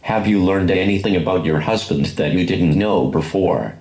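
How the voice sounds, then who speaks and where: A man's voice: low voice, moderate pace, darkish tone. A man interviewing his wife in a casual chat, plain and reserved in manner. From Illinois. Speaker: husband, interviewer. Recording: echoey room.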